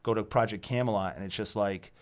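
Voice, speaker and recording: A tired, exasperated man hosting his own channel, ranting about software and the internet, swearing often and repeating himself. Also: lowish voice, quick pace. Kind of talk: profane tech rant monologue.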